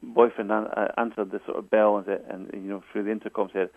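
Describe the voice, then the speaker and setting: Speaking on a tinny phone line with no echo, a Scottish guest author tells stories in a phone interview. He has a fairly low, flat-pitched voice and talks fast, yet hesitates, often repeating and restarting his words.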